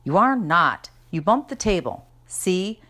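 A snooty teenage girl, as a woman reader puts her on, pitched well above the reader's own low voice and pushed louder. She talks down to her little brother in a sharp, nasty, superior way. A storybook read-aloud. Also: big pitch swings, measured pace, exaggerated voice. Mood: haughty.

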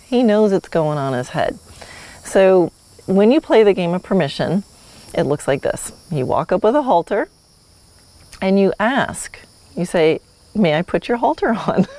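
A woman's voice: on the low side, mellow. A woman hosting a solo podcast, teaching horsemanship in a friendly, instructive way with light laughs.

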